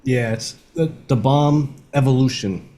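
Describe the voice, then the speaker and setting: A man's voice: medium pitch, unhurried, mellow. A man co-hosting a casual sports podcast, easygoing and laughing things off as he eats hot wings on a bet. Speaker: co-host.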